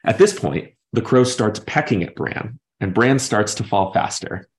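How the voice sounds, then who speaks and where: A man's voice: fairly low pitch, expressive, measured pace. A man hosting a podcast, thoughtfully discussing a book and retelling its chapters at length in his own words. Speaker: podcast host.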